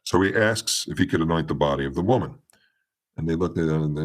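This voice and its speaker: A man with a strikingly low, deep voice tells a long story as a podcast guest. He rambles and restarts his sentences, and his voice jumps up and down as he acts out what people said. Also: quick pace. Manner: meandering retelling with many restarts, acting out quoted dialogue. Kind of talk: storytelling in a casual interview.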